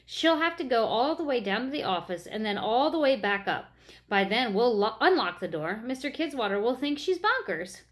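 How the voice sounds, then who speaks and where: A woman's voice: a little high, big pitch swings, moderate pace, voice pushed up. A woman reading aloud, voicing a mischievous, scheming schoolgirl in a storybook. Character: scheming young schoolgirl prankster.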